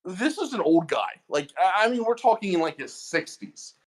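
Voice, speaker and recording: This podcast co-host has a voice that sits high and a moderate pace. He casually tells a long, animated story about his workday, stammering now and then as he starts sentences.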